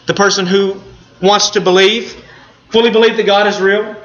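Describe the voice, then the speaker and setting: A man preaching a sermon, telling the story in an earnest way and pausing for emphasis. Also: sits high, little pitch movement, a bit bright, highs cut off.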